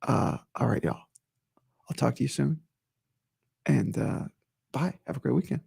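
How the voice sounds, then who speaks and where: A man's voice: medium pitch, measured pace. A man hosting his own podcast in casual solo talk, his voice strained while it recovers, emphatic and repetitive when worked up. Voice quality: raspy, gravelly. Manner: animated, emphatic, repeats himself. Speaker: podcast host.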